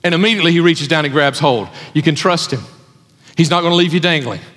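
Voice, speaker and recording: Delivering a sermon to an audience in a church hall, this pastor is emphatic and repeats himself for impact. He has a slightly high, fairly bright voice and a quick delivery, with long reverb from the hall.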